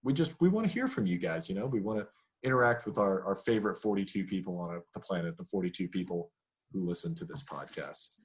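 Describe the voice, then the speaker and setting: A man's voice: sits low, lively intonation, quick pace, breathy edge. A young man hosting a casual podcast, talking with many fillers and restarts. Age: young adult. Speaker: podcast host.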